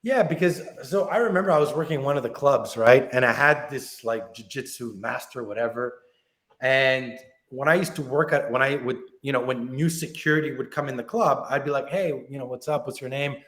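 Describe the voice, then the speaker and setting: A man's voice: medium pitch, a little fast, roomy sound. A man working as a self-defense instructor, telling stories in an interview and acting out the dialogue in them. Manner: animated, acts out club stories with quoted dialogue. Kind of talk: interview storytelling.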